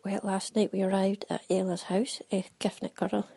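This Scottish woman's medium-pitched voice is creaky, dark and husky, delivered flatly at a moderate pace on a rough recording. She chats casually through her travel audio diary, laughing often and acting out little exchanges with quoted exclamations.

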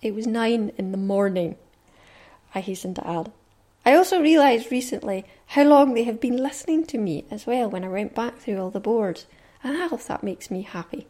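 A Scottish woman hosts a podcast in a chatty, cheerful manner. Her voice sits a little high, and she sounds upbeat and enthusiastic. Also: animated, moderate pace, dark tone. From Scotland. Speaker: podcast host. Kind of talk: casual podcast chat.

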